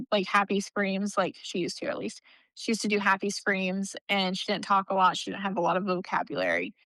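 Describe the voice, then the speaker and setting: A woman in her thirties with a bright, sharp voice that comes through smooth and crisp. She's a podcast guest telling stories in a chatty way, full of "like", laughing between lines. The sound is dry and close. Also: mid-range voice, no room sound, poor audio. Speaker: nonprofit CEO, podcast guest. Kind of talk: casual interview storytelling.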